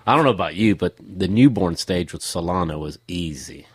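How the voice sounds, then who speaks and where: A man's voice: low voice, animated, brisk, husky, no echo. A man in his forties, a podcast guest, talking in an easygoing, plain-spoken way. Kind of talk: casual conversation.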